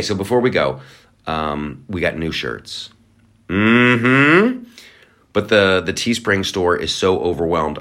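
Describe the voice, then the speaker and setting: A man's voice: very deep voice, vocal fry, a bit bright. A man hosting a solo podcast in a casual, rambling, sarcastic way, with playful asides. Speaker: podcast host.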